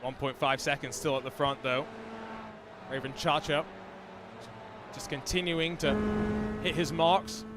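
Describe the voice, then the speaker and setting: A man with a high, bright voice calls a sim race play-by-play, rushing through the action and ribbing his co-host. A faint hiss sits under the mic. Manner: fast, excitable calls with playful banter. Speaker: play-by-play commentator. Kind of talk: esports race commentary.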